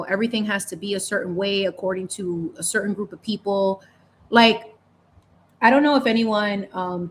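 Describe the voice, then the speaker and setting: A woman, hosting a casual chat while painting, animated and opinionated, saying "like" a lot. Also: mid-range voice. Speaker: channel host.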